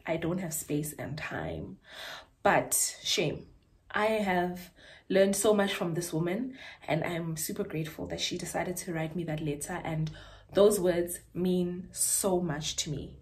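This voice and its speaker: A young woman, chatting casually and excitedly about clothes she bought, gushing and slangy. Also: lowish voice. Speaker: vlogger and school teacher. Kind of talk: casual haul chat.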